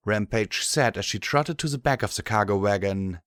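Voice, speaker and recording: A man reading a fan fiction audiobook in a steady, measured way. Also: lowish voice, dry recording, studio quality. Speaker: audiobook narrator.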